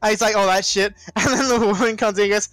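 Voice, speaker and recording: A man's voice: high voice, steady tone, quick pace, fairly bright tone, no echo. A young man who grew up in England, chatting crudely and animatedly on a casual podcast over a voice call. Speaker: podcast co-host. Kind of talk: casual chat. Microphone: desktop microphones over a voice call.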